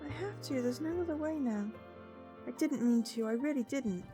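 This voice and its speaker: A woman reading game dialogue aloud, voicing a guilty, hopeless young man who speaks in a shaky, halting, pleading way. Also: sits high, lively intonation, over music, pitched above the performer's own voice. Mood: distraught.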